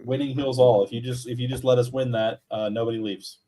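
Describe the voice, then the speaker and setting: A man's voice: medium pitch, steady tone, fairly quick, dark tone. A man co-hosting a sports podcast in casual chat, rambling with many self-corrections. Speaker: podcast co-host.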